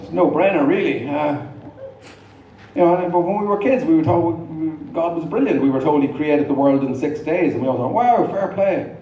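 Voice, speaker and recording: This is a middle-aged comic on stage at a big venue, delivering dry, self-mocking material full of wandering tangents. He speaks at a normal speed in a fairly high voice. The lo-fi recording, captured by a distant mic in an echoey hall, is noisy and carries audience laughter.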